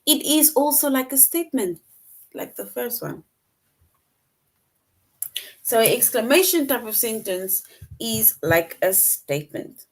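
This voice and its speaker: A woman's voice: fairly high pitch, big pitch swings, measured pace, pauses often. Woman teaching a grade-school grammar lesson. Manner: patient, explains step by step and acts out example sentences. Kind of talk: online grammar lesson for children.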